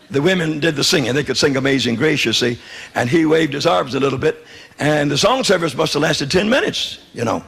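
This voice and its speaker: A man's voice: fairly high pitch, gravelly, a bit bright, husky. A man from the South, preaching his testimony in a folksy, humorous way and acting out dialogue. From Southern United States. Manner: folksy, humorous, wry storytelling with quoted dialogue. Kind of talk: sermon testimony storytelling.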